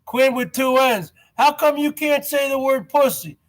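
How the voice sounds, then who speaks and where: A vlogger in his forties rants from home, rambling and mocking, in an extremely high voice at a slightly slow pace. He repeats himself and drawls "man" at the end of his lines.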